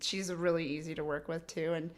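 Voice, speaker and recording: A woman's voice: low-pitched, a little fast. A young woman chats casually as a guest, giggling often. She tells stories with animation and acts out the lines of others. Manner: giggly, animated storytelling with acted-out quotes. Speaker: actor guest. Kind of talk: casual chat.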